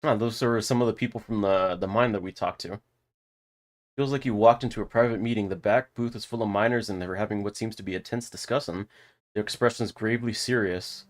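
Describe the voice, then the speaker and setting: A man hosting a let's play, reading a story game aloud and thinking out loud in a casual way. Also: lowish voice, steady tone, brisk.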